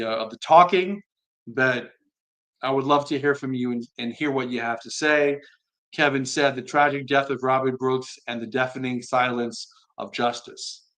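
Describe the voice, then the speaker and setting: Earnest man reading viewer comments. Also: medium pitch. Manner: reads viewer comments aloud and answers them plainly; earnest, soft-spoken, admits being slow tonight. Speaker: live stream host. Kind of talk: casual live stream commentary.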